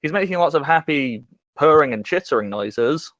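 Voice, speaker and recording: A man's voice: a little high, expressive, a bit bright, no echo. A man narrating a tabletop game, dry sound. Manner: halting narration with fillers. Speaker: game master.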